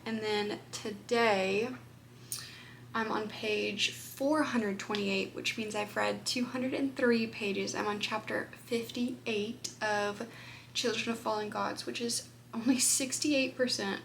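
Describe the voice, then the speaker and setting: Chatty woman vlogging about books, kinda rambly, slightly higher voice, bit of faint room noise. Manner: chatty, rambling, lots of "like" fillers. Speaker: book vlogger. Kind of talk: casual chat to camera.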